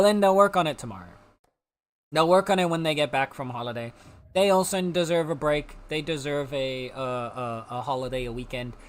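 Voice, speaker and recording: Chatty male game streamer. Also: mid-range voice. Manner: chatty, reassuring, answering chat. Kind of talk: casual livestream chat.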